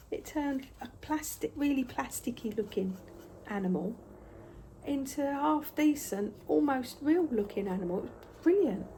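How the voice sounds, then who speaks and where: A woman's voice: on the high side, a little slow, dark tone, slight background noise. A woman telling chatty craft-market stories while she paints, sometimes dropping to a whisper. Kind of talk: casual storytelling while painting.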